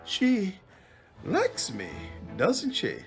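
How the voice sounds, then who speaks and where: A man's voice: high voice, wildly swooping pitch, very slow, faint music behind, pitched above the performer's own voice, full character voice. A man voicing a vain female swamp demon queen who is petulant, whiny and awkwardly flirtatious. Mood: coy.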